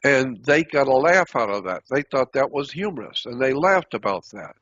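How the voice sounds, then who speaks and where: A man's voice: medium pitch, big pitch swings, normal speed, fairly bright tone, dry recording. An older man telling a story at length, repeating himself as he recounts what was said to him. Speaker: interview guest. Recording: dull lo-fi recording.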